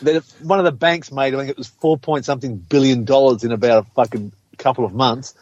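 A man's voice: mid-range voice, steady tone, a little fast, darkish tone. A man co-hosting a podcast, sarcastic and sweary, mocking officials in silly voices. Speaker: podcast co-host. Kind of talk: casual comedy podcast chat. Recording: dull lo-fi remote audio.

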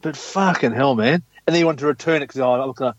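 A man's voice: medium pitch, fast, no room sound, lo-fi sound. A man in crude comic banter, rambling and swearing.

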